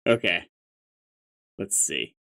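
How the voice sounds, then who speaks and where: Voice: slow pace, a bit bright. A host reading a webcomic aloud, dropping casual, wry asides between the panels. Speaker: comic reader.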